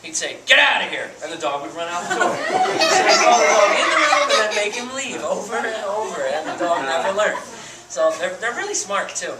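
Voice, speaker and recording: A man who keeps animals, giving a chatty, animated educational talk to a group and laughing often. He is recorded from a distance with loud surroundings behind him. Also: high voice, a little fast, over a noisy crowd. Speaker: animal keeper. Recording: echoey and distant with loud ambience.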